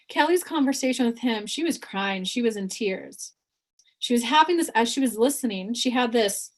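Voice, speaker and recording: A woman giving a spiritual reading as a psychic medium, animated and acting out quoted voices in her own voice. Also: a little high, moderate pace.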